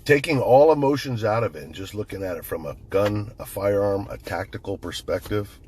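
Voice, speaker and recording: A man's voice: lowish voice, fairly quick, a little mellow, slightly rough. A man recounting an incident in casual, rambling commentary, swearing often and restarting his sentences, recorded on his phone. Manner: rambling, profane, conversational, with frequent restarts. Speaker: firearms commentator.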